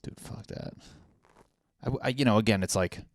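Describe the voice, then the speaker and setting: A man's voice: on the low side, normal speed, dry recording, studio quality. A young man hosting a casual solo podcast, swearing freely and mocking what he reads aloud. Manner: profane, sarcastic, reads lyrics and captions aloud mockingly. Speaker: podcast host.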